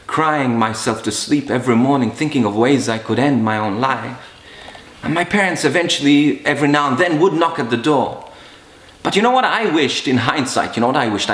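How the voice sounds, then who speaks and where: A man's voice: medium pitch, fairly bright tone. A middle-aged man and priest from Malta, giving an earnest, emotional personal testimony with frequent restarts. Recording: roomy echo.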